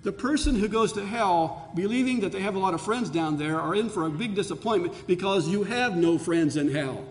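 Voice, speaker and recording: An earnest male pastor preaches with a high voice that climbs for emphasis. His sermon rings out with long reverb in a church sanctuary. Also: lively intonation, a little fast, few pauses.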